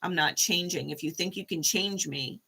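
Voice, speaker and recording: A woman's voice: on the low side, normal speed, sharp tone, breathy edge, exaggerated voice. A woman voicing a defiant, foul-mouthed bear. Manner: defiant, profane. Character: stubborn wounded bear refusing to change.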